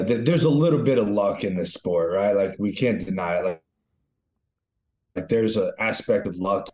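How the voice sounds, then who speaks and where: A man's voice: low voice, darkish tone. A man co-hosting a casual podcast chat, laid-back and enthusiastic, swearing casually. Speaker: co-host, retired fighter. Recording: roomy echo.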